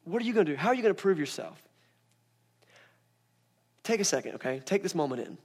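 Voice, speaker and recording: Young guy pastor giving a sermon, animated and jokey, bit of a higher voice. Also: fast, husky. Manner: animated, playful, acts out scripture scenes in voices.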